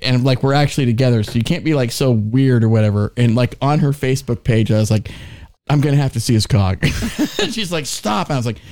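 Animated man telling crude stories. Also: mid-range voice, fast talker. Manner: animated, laughs often, acts out quoted voices. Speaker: podcast co-host. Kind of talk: crude comedic storytelling.

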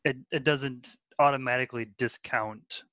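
Guy chatting on a gaming podcast, keeps tripping over his words, bright voice. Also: mid-range voice, fairly even intonation, normal speed, no room sound. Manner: stammering restarts, repeats words. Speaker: podcast co-host and tabletop player. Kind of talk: casual podcast chat.

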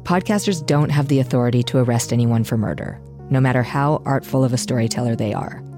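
An actress playing a podcast host who narrates in a measured, wry and reflective way. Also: female voice, rumbling low, over music. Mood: steady. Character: earnest true-crime podcaster woman. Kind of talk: scripted narration.

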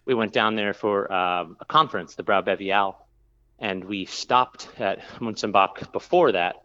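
Male brewer, casual interview guest, low voice, rambling with fillers, slightly muffled recording. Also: a little slow, bright, forceful tone. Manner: rambling, with many fillers and restarts.

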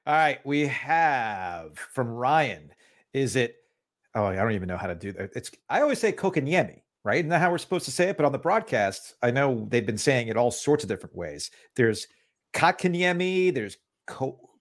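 A man's voice: mid-range voice, normal speed. A man co-hosting a sports podcast, talking in a loose, joking way full of "like" fillers. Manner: animated, joking, many "like" fillers. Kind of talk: casual sports chat.

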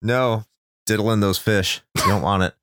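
A man's voice: lowish voice, fairly even intonation, a little slow, fairly bright tone, clear, resonant tone, no echo, clean studio sound. A man co-hosting a casual podcast chat, ranting sarcastically and swearing often. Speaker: podcast co-host.

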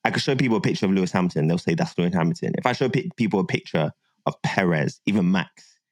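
Lively low-voiced man chatting. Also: fast talker, dry recording. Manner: animated, bursts into laughing shouts. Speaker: podcast guest. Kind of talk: casual chat.

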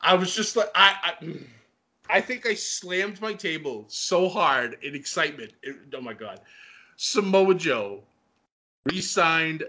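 A man chatting casually and excitedly as he recaps a wrestling show, with lots of fillers and laughter. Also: on the high side, takes it slowly. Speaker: wrestling podcast co-host.

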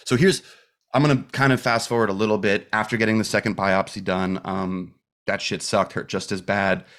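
A man's voice: fairly low pitch, steady tone, brisk, fairly bright tone. Swearing man telling his story. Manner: candid, heavy swearing, emphatic storytelling; rambling with restarts and fillers like "dude" and "like". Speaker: podcast guest, metal musician. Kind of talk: casual podcast interview.

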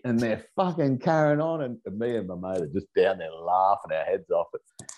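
A man's voice: lowish voice, moderate pace. A middle-aged Australian man, a podcast guest, telling profane, rambling stories in casual chat. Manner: profane, rambling, animated storyteller. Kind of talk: casual storytelling.

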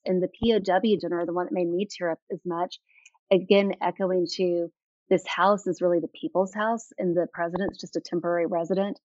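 An author, a woman, is being interviewed and tells enthusiastic anecdotes packed with filler words. Her voice is lowish and darkish, with no echo, and the recording sounds dull and lo-fi.

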